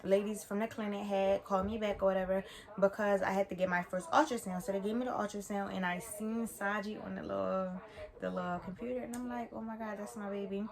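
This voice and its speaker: A young woman talks through a personal story from her bedroom. She rambles, backtracks and corrects herself with lots of fillers. Her voice sits at an ordinary middle pitch. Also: fairly even intonation, fairly quick, vocal fry. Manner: casual, rambling, self-correcting with many fillers. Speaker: vlogger. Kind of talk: storytime vlog.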